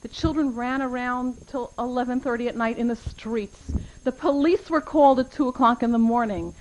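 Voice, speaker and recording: A woman's voice: on the high side, moderate pace, lo-fi sound, a little hiss or hum. Earnest middle-aged woman telling stories. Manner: earnest, anecdotal, with Hebrew and Yiddish terms. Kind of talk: personal storytelling talk.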